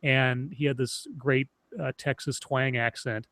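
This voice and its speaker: Casting note: man, thirties, casual streamer chat, rambling and animated, close dry mic. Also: medium pitch, unhurried, no room sound. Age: 30s. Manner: rambling, animated storytelling with many restarts. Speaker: streamer co-host.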